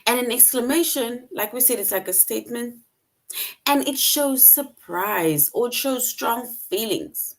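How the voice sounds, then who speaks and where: A woman's voice: on the high side, lively intonation, unhurried, gravelly. A young woman teaching children online, patient and step by step, acting out the example sentences as she explains. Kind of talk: online grammar lesson for children.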